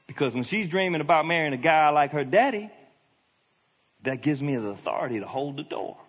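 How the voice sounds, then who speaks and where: A man's voice: on the high side, lively intonation, fairly quick, a bit bright, breathy edge. A middle-aged male pastor giving a sermon, in a conversational, emphatic preaching manner. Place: church hall. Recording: long hall reverb.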